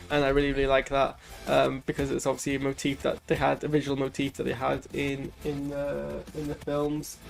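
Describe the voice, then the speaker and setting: A channel host gives a casual reaction after watching a show, rambling loosely with plenty of fillers and restarts while he's ill. His voice is a little high, with vocal fry.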